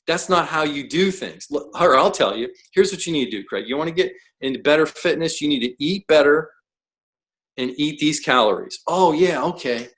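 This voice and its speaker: Emphatic higher-pitched male coach. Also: poor audio. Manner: emphatic, blunt, asks rhetorical questions. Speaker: professional coach, guest. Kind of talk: podcast interview.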